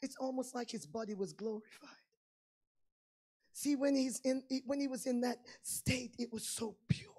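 A woman preaching a sermon with fervor, going from quiet asides to shouted climaxes. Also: fairly high pitch, normal speed, husky.

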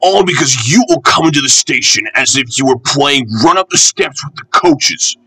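A man's voice: mid-range voice, animated, moderate pace, sharp tone, breathy edge, no echo, pitched above the performer's own voice, poor audio. A man voicing a pompous, cross older railway boss in a storybook reading. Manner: cross and blustering. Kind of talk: storybook character voice.

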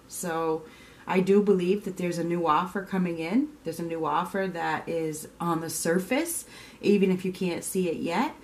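At a moderate pace and fairly low pitch, a woman gives a relaxed tarot reading. She chats, repeats herself, and now and then acts out the quoted reactions.

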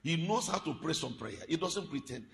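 Gravelly, high-pitched fiery preacher. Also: male voice, lively intonation, moderate pace, a little hiss or hum. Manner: swings from quiet teaching to loud chanted prayer, speaks in tongues. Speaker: pastor. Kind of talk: fiery prayer-meeting sermon. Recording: long hall reverb.

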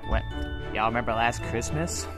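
A reformed Grinch in a Santa suit, played by a man, bragging in a folksy, drawling way. He speaks at an ordinary middle pitch, outdoors in the cold. Loud music plays behind him. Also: normal speed, close to an everyday voice. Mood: boastful. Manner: folksy, drawling southern US slang ("y'all").

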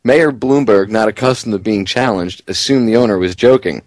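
A man hosting a talk radio show, giving excitable, indignant commentary and reading a story aloud with chuckles. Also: lowish voice, moderate pace, dry recording.

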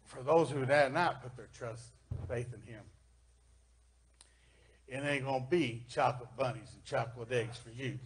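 A man with a Southern US accent preaching a sermon in church, folksy, reading scripture and swinging between loud emphasis and quiet asides. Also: mid-range voice, normal speed, pauses often, slight background noise. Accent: Kentucky Southern US.

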